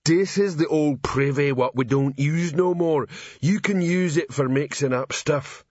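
Slow-witted male troll sergeant, proud and ungrammatical, voiced by a male reader; slightly dull, dry sound. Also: fairly high pitch, darkish tone, dry recording, pitched above the performer's own voice. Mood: earnest.

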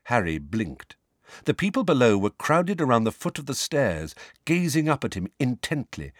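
Expressive male audiobook narrator. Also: medium pitch, no room sound, studio quality. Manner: expressive storytelling reading.

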